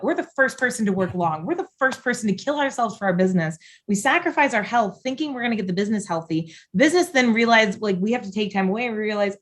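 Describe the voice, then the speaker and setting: A woman in her thirties talks with real passion, her voice at an everyday middle pitch. She is a guest on an interview podcast. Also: lively intonation. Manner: passionate, impassioned, rapid. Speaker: podcast guest, event founder. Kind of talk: casual interview chat.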